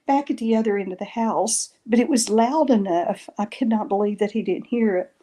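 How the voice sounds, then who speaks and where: A middle-aged woman tells her story in a loose, rambling way. She often stops to correct and restate details. Her voice is mellow and warm, pitched in the middle. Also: normal speed. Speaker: guest recounting paranormal experiences. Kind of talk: casual storytelling interview.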